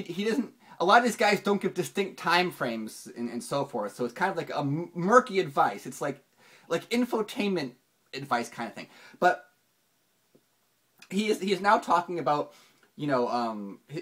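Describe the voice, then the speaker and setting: A finance channel host giving casual video commentary, rambling with many restarts and fillers, and jumping up in pitch for emphasis. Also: husky. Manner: animated, pitch jumps up for emphasis.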